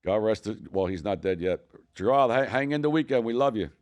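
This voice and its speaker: An older man with a Philadelphia accent tells stories in a deep, low voice. He talks quickly and rambles, restarting sentences and swearing casually as he goes. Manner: profane, rambling, animated storytelling. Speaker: podcast co-host telling stories. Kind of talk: casual storytelling.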